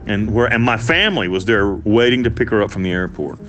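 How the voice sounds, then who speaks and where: A man telling his own story in an interview, blunt and profane, with animated delivery. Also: lowish voice, a little fast. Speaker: interviewee, former prisoner.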